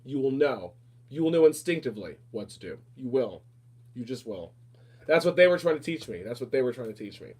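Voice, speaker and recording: A man's voice: medium pitch, big pitch swings, a little mellow, slightly rough. A man hosting a podcast, talking in a casual, emphatic rant that repeats its points. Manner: emphatic, repetitive, fast rants. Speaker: podcast host. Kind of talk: casual ranting talk.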